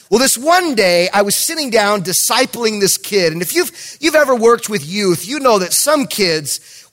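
A middle-aged man preaches a sermon in a high, bright voice. He tells stories with energy, acting out bits of dialogue and pressing his points hard. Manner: animated storytelling, acts out dialogue, emphatic. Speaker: pastor.

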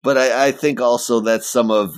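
A man's voice: mid-range voice, steady tone, moderate pace, no room sound. A man co-hosting a casual comic book podcast, speaking in a mid-range voice. He's wry and laughs often, piling on exaggerated complaints. The sound is close and dry. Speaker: podcast co-host. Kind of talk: casual review chat.

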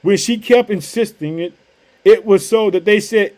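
High-voiced exclamatory male preacher. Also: moderate pace, a little mellow. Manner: exclamatory, repeats catchphrases and hallelujahs. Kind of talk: energetic sermon with scripture reading.

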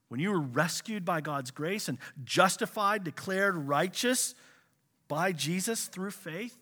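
A male pastor delivering a sermon in a bright, somewhat high voice. He is animated, bursting into loud exclamations and then dropping to quiet asides.

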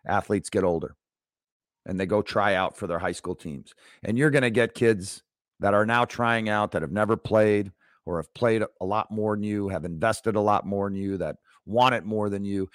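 A man's voice: lowish voice, no echo, clean studio sound. A man in his fifties hosting a leadership podcast, talking in an emphatic motivational monologue that repeats key phrases for effect. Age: 50s. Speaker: leadership coach, podcast host.

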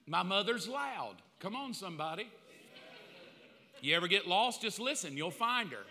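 A man preaching a sermon with comic asides, bursting into loud acted-out calls now and then. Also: high-pitched, normal speed. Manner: comic, animated, acts out quotes in loud bursts. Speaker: pastor. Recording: long hall reverb.

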